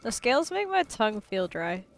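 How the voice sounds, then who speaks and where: Woman game streamer, playful and silly, a bit high-pitched with a bouncy, lively delivery. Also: moderate pace, soft background music. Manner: goofy, playful, swears freely. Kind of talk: casual gameplay commentary.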